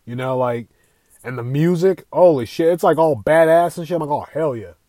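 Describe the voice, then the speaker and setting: A young man hosting a casual gaming podcast, talking in an excitable, profane, rambling way. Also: a little high, a little fast, no room sound. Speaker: podcast host.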